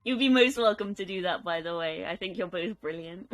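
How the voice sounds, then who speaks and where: A woman's voice: on the low side, lively intonation, normal speed. A young woman chatting casually on a live stream, giggling often and reading out chat. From United Kingdom.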